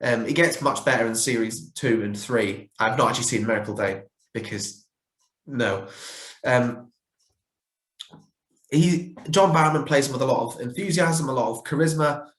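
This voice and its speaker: A man's voice: medium pitch, normal speed, fairly bright tone. A man giving a casual, opinionated fan review, chatty with frequent fillers and self-corrections. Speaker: fan reviewer ranking characters. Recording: roomy echo.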